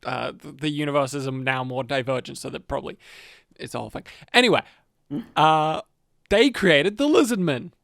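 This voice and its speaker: A man's voice: a little high, lively intonation, moderate pace, creaky, a bit bright, no echo, clean studio sound. A man co-hosting a podcast, telling fantasy lore in a rambling, profane, joking way. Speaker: podcast co-host narrating lore. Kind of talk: casual lore chat.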